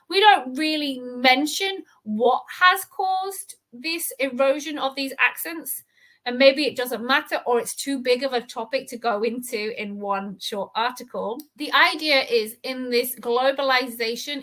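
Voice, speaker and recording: A woman's voice: fairly high pitch, pushed and bright. A woman teaching an English reading lesson, reading an article aloud and then patiently explaining its words and grammar.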